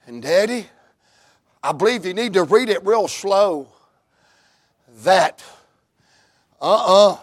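A preacher with a high voice works through a slow, drawn-out revival sermon. He tells the story at length and then climbs into shouts and half-sung phrases. The sound is close and dry. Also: lively intonation, dry recording. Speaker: Baptist preacher.

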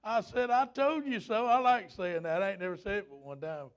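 A man in his fifties preaching a fervent, folksy revival sermon, rising at times to shouts. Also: high voice, brisk.

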